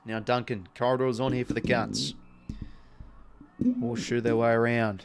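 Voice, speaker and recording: Excitable Australian man calling footy live. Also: mid-range voice, normal speed, creaky, background noise. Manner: excitable play-by-play, chatty asides to viewers. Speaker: live stream commentator. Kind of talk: casual live watch-along commentary.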